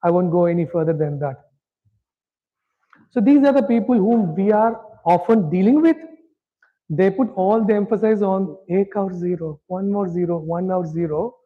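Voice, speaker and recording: Leading a scripture lesson at normal speed, a man with a fairly high voice keeps the tone conversational and relaxed. He often checks that his class is following along in this interactive lecture, captured on a dull, lo-fi recording.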